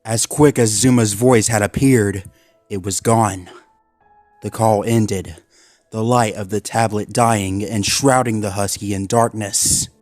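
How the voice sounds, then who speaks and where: A man narrating a dark horror story in a measured way. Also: lowish voice, steady tone, dry recording, faint music behind.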